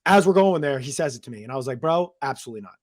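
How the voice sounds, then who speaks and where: A man's voice: mid-range voice, rapid-fire, no room sound. Young male guest from New Jersey, rambling storyteller, dry close sound. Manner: rambling, animated retelling with many "I was like" quotes. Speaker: interview guest. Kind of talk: casual storytelling interview.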